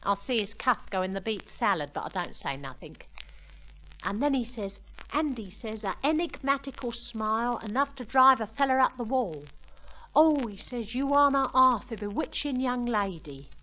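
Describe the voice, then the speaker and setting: A woman performs a comic monologue as a chatty young working-class woman, gossiping through a story in broken cockney-style slang like "we done" and "I says." Her fairly high voice is expressive, bright, and forceful at a moderate pace, and the recording quality is low.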